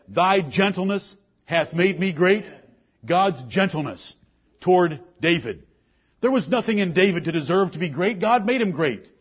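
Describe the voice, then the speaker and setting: Through a dull, lo-fi recording comes a pastor addressing his church, his husky, high-pitched voice rising and falling with great animation. His sermon is forceful, and the King James verses he quotes take on a solemn, antique tone.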